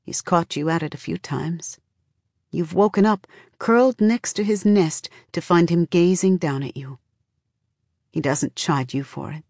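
A woman reading an audiobook in a measured, even second-person storytelling manner, close to the microphone. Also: deep voice, no echo. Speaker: audiobook narrator. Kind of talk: scripted narration.

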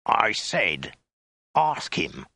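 A man's voice: on the low side, measured pace, creaky, a bit bright, slightly rough, no room sound, full character voice. A man voicing a brutal Mongol soldier who barks and hisses his orders. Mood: harsh. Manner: barking, hissing.

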